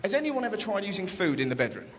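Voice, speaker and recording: A man's voice: sits high, very animated, very fast. A man doing a stand-up set on a large theatre stage, telling self-mocking stories and acting out other voices. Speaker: stand-up comedian. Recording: theatre with long reverb and loud crowd noise.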